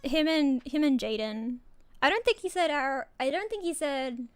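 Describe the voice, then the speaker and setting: A young woman from Australia talks casually during a game stream in a voice that sits high, at normal speed. She's giggly and rambling, often interrupting herself.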